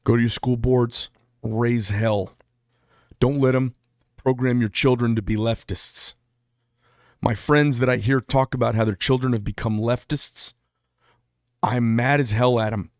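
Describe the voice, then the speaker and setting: A man mid-rant on his own channel, blunt and heated, swearing freely as he drives his points home. His voice sits at an ordinary middle pitch and sounds close and dry, with no room ring around it. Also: dry recording. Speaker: channel host. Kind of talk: political rant to camera.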